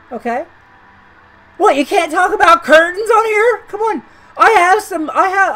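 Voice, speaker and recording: Woman, high voice, casual gameplay commentary, rambling, incredulous, repeats herself. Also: rough recording. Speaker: gaming video creator. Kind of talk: chatty commentary over gameplay.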